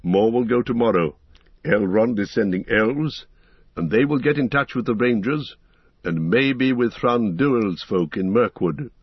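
A man voicing an ancient male wizard, speaking in a grave, measured and authoritative way. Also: mid-range voice, breathy edge, no room sound, highs cut off.

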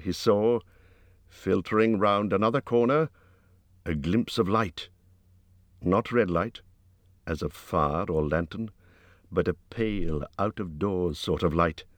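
A man narrating a fantasy storybook in a measured way, lifting his voice at tense moments. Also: sits low, no room sound, studio quality. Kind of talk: audiobook reading of a fantasy story.

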